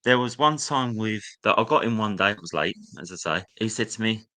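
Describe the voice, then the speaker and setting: A young man recounts his schooldays in a candid, storytelling way. His voice sits fairly low but sounds bright and forward. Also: expressive, fairly quick. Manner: candid, reliving memories, acts out a teacher's sneering voice. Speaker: guest. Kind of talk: personal storytelling.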